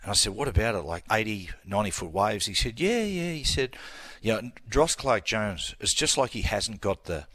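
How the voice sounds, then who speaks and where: A middle-aged Australian man co-hosting casual sports radio, telling animated stories and acting out the people he quotes. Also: on the low side, normal speed, hardly any pauses, dry recording. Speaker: radio co-host.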